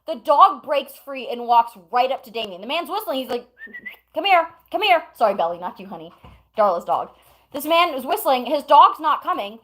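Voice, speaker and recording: Brief: woman streamer, casual and rambling, slightly high voice, at home. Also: animated, a little fast, a bit bright, low-quality recording. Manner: rambling, breaks off to talk to chat and pets. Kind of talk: casual storytelling to chat.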